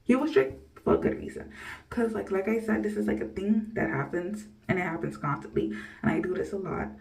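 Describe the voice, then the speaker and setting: A woman's voice: mid-range voice, expressive, fairly quick, vocal fry, darkish tone. A young woman in her early twenties vlogging candidly, rambling and blunt, cursing without a second thought. Her voice sits a touch away from the microphone, so it sounds slightly distant. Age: early 20s. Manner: blunt, rambling, swears freely, laughs often. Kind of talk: candid personal storytelling to camera.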